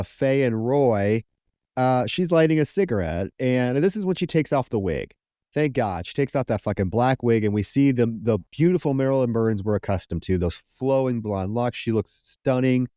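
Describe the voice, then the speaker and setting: A man's voice: medium pitch, normal speed, clear, resonant tone, dry recording, dull audio. A man co-hosting a horror film podcast, retelling the plot casually with lots of swearing. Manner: profane, animated plot retelling with acted quotes. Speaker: podcast co-host. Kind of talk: casual film recap chat.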